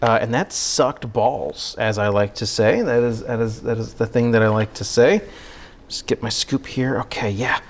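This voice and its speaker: In his home kitchen, a man hosts a cooking livestream, chatting casually with his audience and joking as he works. His mid-range voice moves at a moderate pace, and he's out of breath from sawing while he rambles through self-deprecating banter with chat.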